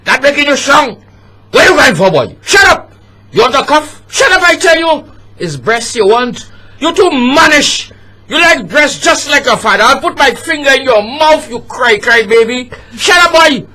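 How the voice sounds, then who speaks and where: A man putting on a shrill, scolding old grandmother. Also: slow pace, a bit bright, exaggerated voice.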